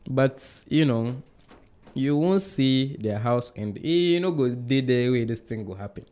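A man hosting a podcast, recapping a TV episode in relaxed, casual chat and acting out the characters' lines. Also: mid-range voice, a little slow. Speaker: podcast host.

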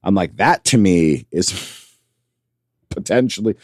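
A man co-hosting a casual podcast chat, animated and quick to laugh. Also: sits low, no room sound, studio quality. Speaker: podcast co-host.

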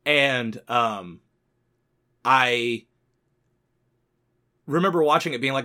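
A man's voice: mid-range voice, animated, unhurried, pauses often, sharp tone. A man co-hosting a casual podcast, ranting heatedly and swearing often. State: sick. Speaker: podcast co-host.

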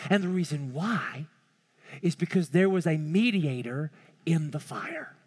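Guy preaching in a church, high voice, big echoey hall, gets loud then goes real quiet. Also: animated, measured pace. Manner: impassioned preaching, swings from loud pleading to hushed. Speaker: pastor. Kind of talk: sermon.

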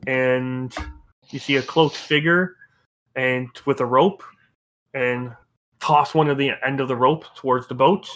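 A man's voice: mid-range voice, fairly even intonation, measured pace, a bit bright. Male game master, casual, meandering scene description. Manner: loose, rambling narration with fillers. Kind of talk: narrating a tabletop game.

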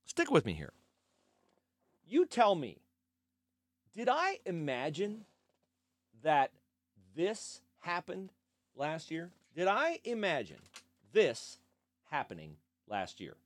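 A man's voice: fairly high pitch, wildly swooping pitch, slow pace, long pauses, no room sound. A man hosting sports talk, arguing his point with rhetorical questions and sarcastic emphasis. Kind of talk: opinionated sports commentary.

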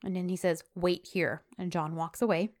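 A woman's voice: on the low side, moderate pace. A woman casually recapping a TV episode, animatedly acting out the characters' lines as she tells the story. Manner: animated storyteller, switches into quoted dialogue. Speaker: podcast co-host recapping a TV episode. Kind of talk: casual chat, retelling scenes with quoted lines.

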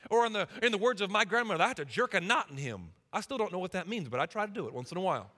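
A young man preaches with passion in a church sanctuary, his voice very high and ringing bright. He uses folksy turns of phrase and swings widely in pitch, and a long hall reverb trails his words. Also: expressive, rapid-fire. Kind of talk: sermon.

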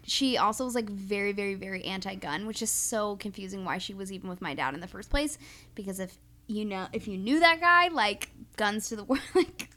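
A young woman co-hosting a podcast, telling a crude story in casual chat, animated and laughing often. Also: mid-range voice, a little fast. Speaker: podcast co-host.

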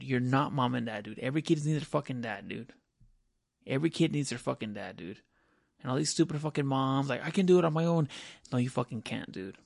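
A man with a gravelly, fry-heavy voice holds forth in a blunt, profane rant, tacking "dude" onto nearly every phrase. His voice is at an ordinary pitch for a man. The sound is close and dry, with no room around it. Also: no echo. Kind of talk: casual opinionated chat.

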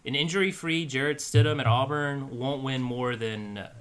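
A man's voice: medium pitch, moderate pace, fairly bright tone, clean tone. A man co-hosting a podcast, trading offhand jokes in casual sports chat. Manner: joking, offhand banter. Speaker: podcast co-host.

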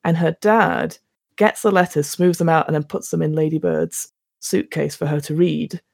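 A woman's voice: deep voice, normal speed, gravelly, no room sound, clean studio sound. A woman co-hosting a casual podcast chat about films, retelling scenes and acting out the characters' lines with plenty of restarts. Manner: animated storytelling, acts out quotes, restarts often. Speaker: podcast co-host reviewing films.

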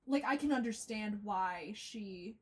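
A young woman in casual podcast conversation, reflective and animated as she talks through her thoughts on a film. Her voice is husky and breathy. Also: mid-range voice, slow. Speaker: podcast co-host. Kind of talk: casual chat.

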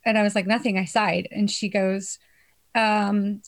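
A woman's voice: mid-range voice, level tone, measured pace. A young woman in casual chat with friends, telling a story with lots of swearing and laughter.

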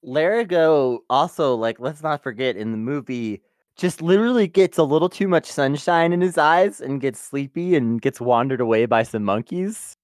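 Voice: medium pitch, lively intonation, normal speed, darkish tone, no echo, clean studio sound. A podcast co-host in casual review chat, talking loosely with lots of filler words and easy laughter. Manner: chatty, many "like" fillers, laughs easily.

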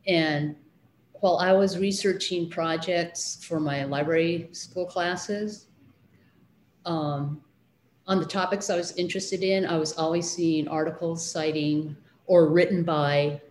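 A middle-aged woman with a low voice talks through her memories in a relaxed interview. She hesitates often, filling pauses with ums and starting over. Her voice rings in an echoey room with faint noise behind it. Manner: hesitant, many fillers and restarts. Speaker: interviewee, children's librarian. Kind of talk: casual interview recollection.

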